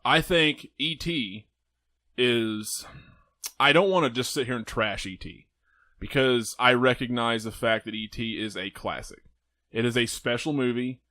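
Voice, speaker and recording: A man's voice: mid-range voice, measured pace, bright, forceful tone, no room sound, studio quality. A young man hosting a casual movie podcast, joking and rambling with friends, laughing often. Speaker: podcast host. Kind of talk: casual chat.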